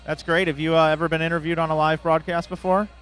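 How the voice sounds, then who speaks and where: A man's voice: a little high, little pitch movement, fast, fairly bright tone, smooth. A man interviewing guests on a live broadcast in a jokey, upbeat way.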